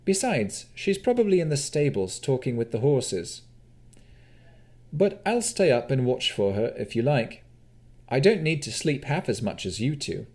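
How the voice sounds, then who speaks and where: A man reading as a young woman adventurer, calm and reassuring, in a raised, gentle voice. The pitch sits well above his own, with a lively audiobook delivery. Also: a little slow. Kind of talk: audiobook character voice.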